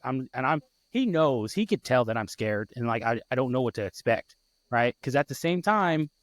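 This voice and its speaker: A man's voice: medium pitch, no room sound. Heartfelt man telling a story. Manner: heartfelt, halting with many restarts. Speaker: podcast host. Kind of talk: emotional personal story.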